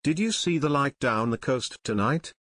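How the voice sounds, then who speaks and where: A man voicing an eager teenage boy detective in a storybook reading, with excited, quick exclamations. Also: medium pitch, no echo, studio quality.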